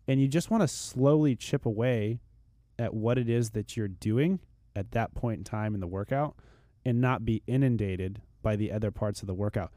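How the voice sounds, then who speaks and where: A man's voice: mid-range voice, a little fast, a little mellow, no echo, studio quality. A man speaking as a fitness expert on a podcast, earnest and motivational, often repeating words as he starts a thought. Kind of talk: podcast chat.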